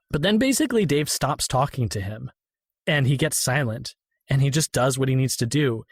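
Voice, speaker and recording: A man chatting casually about a film on a podcast, animated, now and then lowering his voice to quote lines. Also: moderate pace, no room sound, studio quality.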